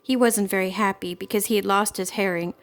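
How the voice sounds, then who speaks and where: A woman reading a children's storybook aloud in a gentle, expressive storytelling manner. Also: medium pitch, fairly quick. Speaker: storybook reader.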